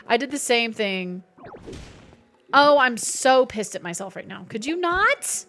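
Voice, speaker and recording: Chatty woman streamer with a higher voice, riffing with chat over soft game music. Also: big pitch swings, a little slow. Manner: chatty, reads chat aloud and answers it, jokey. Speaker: live streamer. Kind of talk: casual gaming stream chat.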